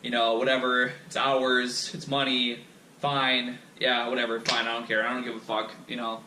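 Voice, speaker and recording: A man's voice: medium pitch, completely flat delivery, normal speed, background noise. A young man hosting a podcast, telling a candid personal story in a rambling, profane way full of fillers and restarts. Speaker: podcast host. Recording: echoey room.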